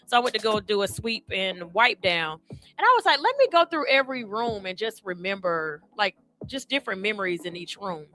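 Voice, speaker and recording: A woman's voice: mid-range voice, sing-song, a little fast, pushed and bright. A woman, hosting a talk radio show and speaking candidly and chattily straight to her listeners. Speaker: radio host. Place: radio studio.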